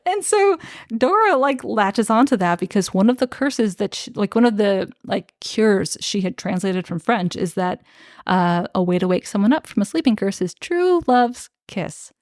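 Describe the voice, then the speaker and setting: A woman co-hosting a podcast retells scenes from a book in a chatty, casual discussion, saying "like" a lot. Her voice is medium-pitched with lively intonation and a moderate pace, and the recording is dry and studio quality.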